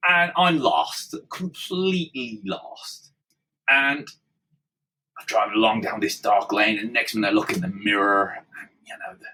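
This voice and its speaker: A man with an Irish accent, a guest telling anecdotes in an animated, laughing way. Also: on the low side, far from the mic, rough recording. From Ireland. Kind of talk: storytelling in conversation.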